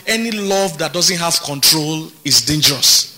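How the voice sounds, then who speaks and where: A man's voice: fairly high pitch, lively intonation, a little slow, bright, forceful tone. A man preaching a sermon as pastor, emphatic and repeating his words. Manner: emphatic, repeats words, laughs between points.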